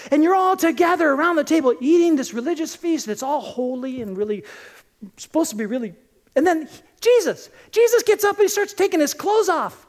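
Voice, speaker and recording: A high-voiced woman preaches, bringing Bible stories to life in a lively, conversational style and acting out what the characters say.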